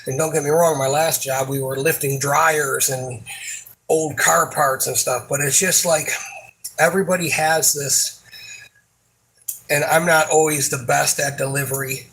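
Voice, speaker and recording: Man, somewhat high-pitched voice, venting about work in a frustrated, rambling, profane monologue full of restarts. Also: steady tone, creaky, a bit bright, low-quality recording. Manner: frustrated, rambling, swears a lot; halting, many fillers and restarts. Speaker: supermarket worker.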